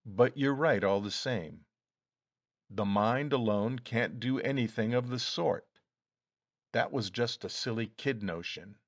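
A man's voice: medium pitch, unhurried, dry recording, dull audio. A man reading as a small rueful man with a secret. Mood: confiding.

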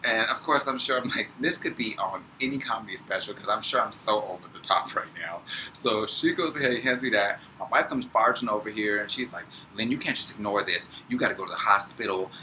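Young guy vlogging a story, lowish voice but real bright, does all the voices. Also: a little fast, a little hiss or hum, poor audio. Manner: animated, acts out quoted people. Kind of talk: casual storytelling.

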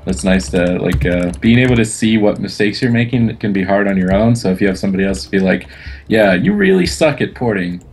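A man from Canada co-casting an online tournament, talking in a relaxed, reflective way and saying "like" a lot. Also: low voice, fast, few pauses, breathy edge. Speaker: co-caster. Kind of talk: casual esports co-commentary.

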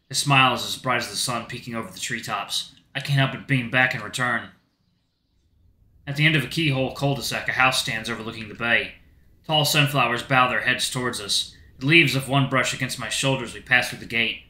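A man hosting a gaming channel who reads a visual novel aloud and thinks out loud in an animated, chatty way. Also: mid-range voice, fairly quick, echoey room.

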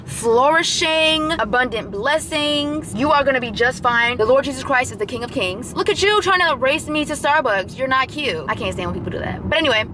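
A young American woman vlogs from a car while driving, filming on her phone and rambling through casual chat full of fillers and preachy asides. Her voice sits high and is expressive, she talks fairly quickly with almost no pauses, and there's background noise.

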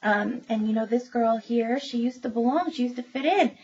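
Retelling the plots of new children's books, this woman talks at normal speed in a fairly high voice with a darkish tone. She's chatty, enthusiastic and full of ums, and the recording is dull and lo-fi with faint noise.

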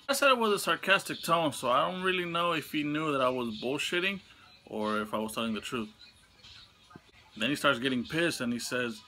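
Bright-voiced young man ranting profanely. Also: animated, a little fast. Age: young adult. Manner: profane, heated venting with sudden high outbursts. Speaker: vlogger telling a story. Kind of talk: casual storytime rant.

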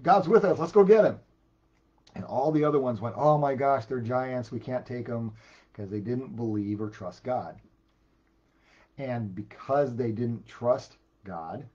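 A man preaching a sermon as a pastor, animated, repeating words when he gets emphatic. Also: medium pitch, breathy edge, muffled recording.

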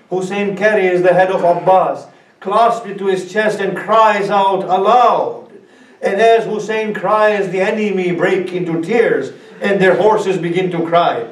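A man as a sheikh giving a mournful sermon, telling a story slowly with dramatic pauses. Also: high-pitched. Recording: echoey hall, speaker far from mic.

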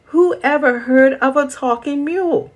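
A woman voicing a stern old grandfather farmer in a storybook, gruff and scolding. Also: on the low side, big pitch swings, slow, full character voice.

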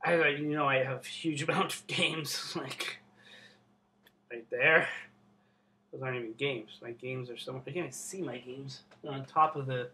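Excitable swearing young man. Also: medium pitch, moderate pace. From Canada. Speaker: vlogger. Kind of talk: casual unboxing vlog.

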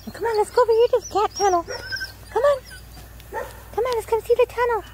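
A woman outdoors talking to puppies in a high, sing-song baby-talk voice. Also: fast, a little mellow, slight background noise. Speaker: dog owner filming puppies. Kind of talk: casual chat to puppies. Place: outdoors in a yard.

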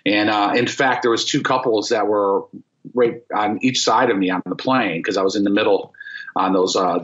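A man in his fifties from Florida, a former rock bassist, telling stories as a podcast guest in an excited, rambling way with many fillers and restarts. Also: normal speed. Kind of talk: casual storytelling interview. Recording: dull lo-fi podcast audio.

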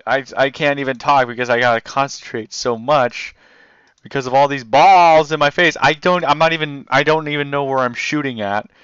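A man giving excitable let's play commentary, swearing and yelling at the game. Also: medium pitch, clean tone, no echo, lo-fi sound. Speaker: gamer.

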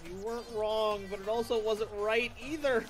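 A man's voice: high voice, moderate pace, over music. A man chatting casually while playing a game on stream. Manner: animated, swings loud to quiet. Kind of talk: casual gameplay chat.

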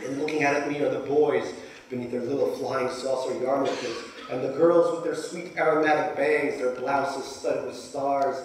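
A man's voice: mid-range voice, fairly even intonation, moderate pace. A Soviet-born male author reads from his memoir to a live audience with dry, self-deprecating humor. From Soviet Union. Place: large lecture hall. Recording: echoey hall from far off.

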